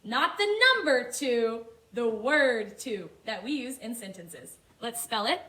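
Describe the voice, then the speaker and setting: Woman kindergarten teacher for a phonics video: bright, high voice, slow and sing-song. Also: lively intonation. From Hawaii. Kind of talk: phonics lesson for young children.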